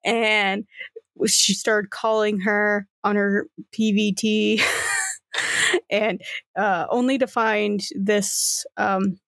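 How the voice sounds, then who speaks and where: A young woman narrating a tabletop game as game master, slow and casual, peppered with fillers and the odd curse. Her voice has a gravelly fry. The recording is dry and close. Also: mid-range voice, flat delivery, fairly bright tone, dry recording. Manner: casual, loose, with many fillers and swearing.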